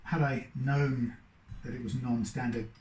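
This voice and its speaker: A man's voice: medium pitch, fairly even intonation, measured pace. A man working as a guitar technician, rambling and thinking aloud in casual commentary while he works at his bench. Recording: roomy workshop echo.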